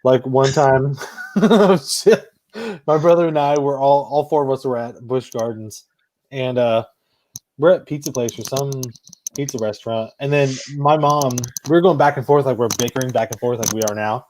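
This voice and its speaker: Animated man telling stories. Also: mid-range voice, moderate pace, a little hiss or hum. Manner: animated storyteller, swears and laughs often. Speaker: podcast host. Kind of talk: casual chat.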